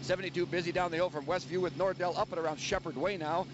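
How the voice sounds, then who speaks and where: A man rattles off a traffic report from a helicopter, his voice pitched high and rushed. The radio link is dull and muffled, and engine noise roars underneath him the whole time. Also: steady tone. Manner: quick, joking. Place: helicopter in flight.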